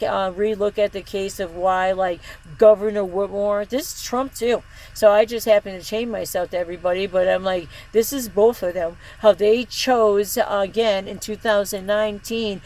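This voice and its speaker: A woman's voice: darkish tone, rough recording. A woman speaking straight to camera in a rambling, heated monologue, swearing often and jumping from thought to thought, her voice leaping up when she gets worked up. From Michigan, United States. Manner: profane, heated, jumps between thoughts; breaks into short laughs, pitch leaps up when agitated. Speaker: video blogger.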